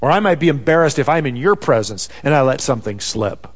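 A man's voice: medium pitch, big pitch swings, quick pace, breathy edge. A man preaching a sermon in a conversational way, peppered with "you know.". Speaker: pastor. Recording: dull sound with long reverb.

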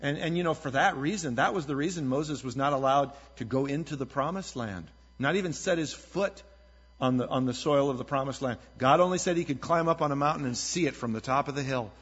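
A man's voice: mid-range voice, fairly quick, fairly bright tone, breathy edge. A man preaching a sermon as a pastor, talking in a conversational, earnest way and telling stories with energy. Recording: dull lo-fi sound with long hall reverb.

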